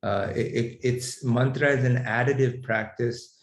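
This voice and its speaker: A man teaching a class on mantra healing, explaining in a measured way with frequent fillers and restarts. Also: medium pitch, fairly even intonation. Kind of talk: lecturing to a class. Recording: echoey room sound.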